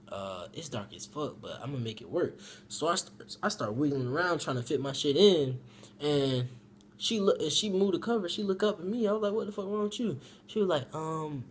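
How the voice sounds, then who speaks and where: A young man telling a personal story in a casual story-time vlog, profane and animated, swinging from loud outbursts to low mumbles. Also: a little hiss or hum.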